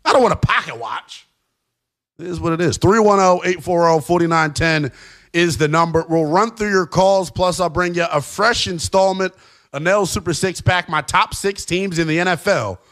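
A man's voice: high voice, normal speed, a bit bright. A man hosting a sports radio show, ranting emphatically about officiating. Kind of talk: opinionated sports talk.

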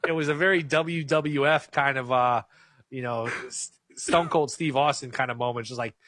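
A man's voice: mid-range voice, moderate pace, fairly bright tone, dry recording. A man co-hosting a sports talk show, chatting casually with short, dry remarks. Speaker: sports radio co-host.

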